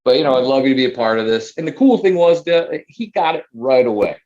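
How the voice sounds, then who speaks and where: A man's voice: mid-range voice, expressive, fast, darkish tone, dull audio. A man producing a theater show, talking with eager enthusiasm in a casual interview, full of fillers like "man" and "like.".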